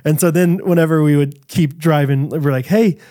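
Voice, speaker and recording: Animated storytelling man, fairly high voice. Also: normal speed. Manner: animated storyteller, laughs often. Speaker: podcast co-host. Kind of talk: casual chat.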